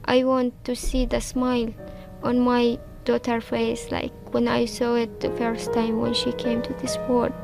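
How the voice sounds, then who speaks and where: A mother from Syria speaking slow, halting second-language English as she reads a prepared statement. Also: on the high side, monotone, vocal fry. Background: music.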